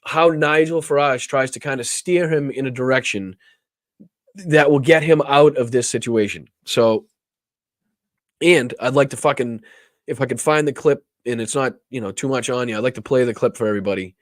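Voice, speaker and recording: A heated male host delivers politics with constant swearing and stumbles into repeated words as emotion rises. His voice sits at a middle pitch, recorded close and dry with no room sound. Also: moderate pace, dry recording. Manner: heated, profane, repeats words when worked up. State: emotional, near tears. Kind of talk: impassioned political commentary.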